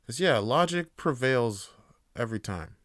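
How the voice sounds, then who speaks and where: A man's voice: mid-range voice, lively intonation, a little slow, a bit bright, no echo, studio quality. A man hosting a podcast, talking in a casual, rambling way and ranting with plenty of swearing. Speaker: podcast host.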